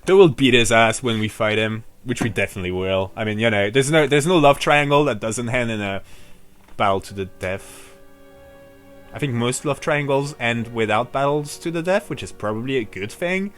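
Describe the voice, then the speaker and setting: A man streaming a video game, chatting casually and joking with his viewers in an excitable, bantering way. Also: medium pitch, moderate pace, faint music behind. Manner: excitable, jokey banter with chat.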